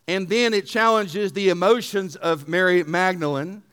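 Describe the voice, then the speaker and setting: Male pastor, high clear voice; emphatic sermon delivery with hushed asides. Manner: emphatic preacher with rhetorical questions, dropping to a near-hush for asides.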